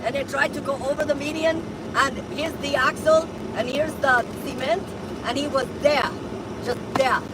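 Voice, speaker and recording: A woman's voice: high voice, fairly even intonation, moderate pace, lightly acted. A woman putting on a fake Russian accent as a bossy mother figure, scolding in broken English. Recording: car noise, mic far off. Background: road noise.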